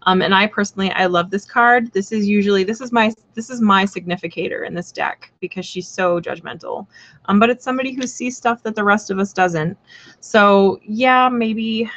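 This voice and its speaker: A woman's voice: medium pitch, lo-fi sound. A woman hosting a live tarot reading stream, talking in a chatty, rambling way with lots of fillers, blunt and playful. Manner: blunt and playful, swears casually.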